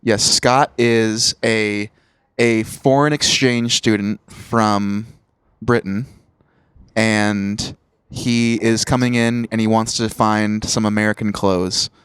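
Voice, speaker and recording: A man co-hosting a podcast in casual chat, jokey and quick to laugh. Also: lowish voice, steady tone, a bit bright, smooth, no room sound. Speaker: podcast co-host.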